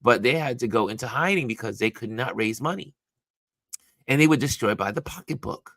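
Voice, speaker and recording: A man's voice: fairly low pitch, expressive, moderate pace, fairly bright tone, no room sound. A man hosting a casual live stream, chatting about the news and greeting viewers by name, with frequent restarts and asides. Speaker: livestream host.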